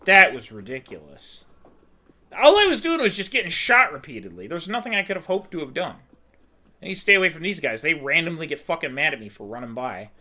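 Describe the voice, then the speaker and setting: Young male gamer, frustrated and profane, high lively voice with a sharp, piercing edge. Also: brisk. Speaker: let's play gamer. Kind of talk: casual gameplay commentary.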